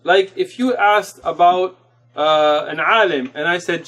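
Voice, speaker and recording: A man with a fairly high voice leads an Arabic grammar lesson in a mosque classroom. He explains each point patiently, mixing English with Arabic terms. He reads Arabic passages at a quick clip. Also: fairly bright tone. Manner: recites Arabic text rapidly. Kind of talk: classroom lecture.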